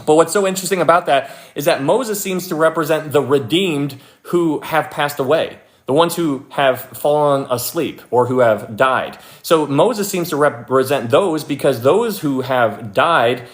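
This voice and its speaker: Young male livestream Bible teacher, slightly high voice, casual and animated, lots of fillers. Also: unhurried, few pauses. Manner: chatty, animated, acts out quoted people in a higher excited voice; frequent fillers and restarts, thanks viewers by name.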